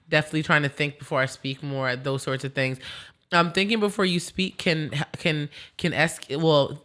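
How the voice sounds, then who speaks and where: A woman hosting a podcast, chatting in an animated, rambling way and laughing easily. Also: low voice. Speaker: podcast host. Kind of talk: casual chat.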